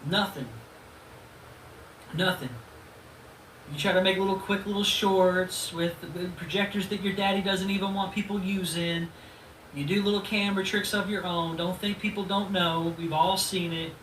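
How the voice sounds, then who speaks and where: A man in his thirties hosts a profane, taunting rant aimed at a rival, with mocking laughs. His voice sits high and bright. He is recorded from a distance in a roomy, echoing space with faint background noise. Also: steady tone, normal speed. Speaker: channel host. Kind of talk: ranting video reply.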